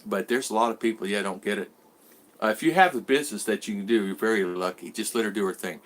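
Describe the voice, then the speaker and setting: A man's voice: lowish voice, quick pace. A man in his sixties hosting a casual live-stream vlog, rambling as he greets viewers by name and answers their comments. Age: 60s. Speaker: vlogger host.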